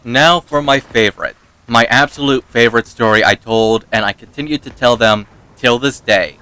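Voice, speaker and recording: Man, gaming video host, casual storytelling, self-mocking, laughs a lot, bright tense tone, dry close sound. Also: medium pitch, normal speed, smooth, no room sound. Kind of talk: casual storytelling over gameplay.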